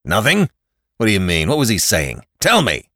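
A man voicing a big, stern and suspicious father in a storybook reading, speaking heavily and gruffly. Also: a bass voice, sing-song, measured pace, no echo, clean studio sound, pitched below the performer's own voice, exaggerated voice. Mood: demanding. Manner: heavy, gruff.

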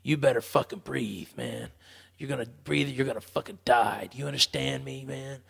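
Menacing fifties biker nurse, harsh low whisper, gravelly grain, long echo around it, put on by a man. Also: lively intonation, normal speed, fairly bright tone, full character voice. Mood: threatening.

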